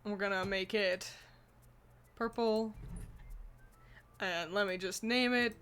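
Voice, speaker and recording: Her mid-range, fairly bright voice stays fairly even in intonation, and she speaks slowly with frequent pauses. As a co-host ranking anime mascots, she chats casually while working on a tier list, laughing often, rambling through fillers and restarts, and swearing now and then.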